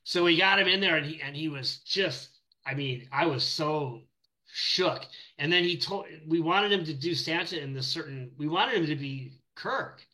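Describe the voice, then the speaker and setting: A man's voice: on the high side, normal speed, sharp tone, low-quality recording. A middle-aged man, an animator, chatting casually in an interview and telling rambling anecdotes with many restarts. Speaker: animator guest.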